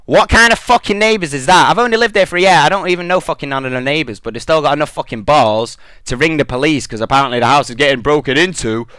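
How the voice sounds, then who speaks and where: A man's voice: a little high, quick pace, few pauses, bright, forceful tone, smooth, no room sound. Angry, profane young British man. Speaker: gaming commentator. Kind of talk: game commentary rant.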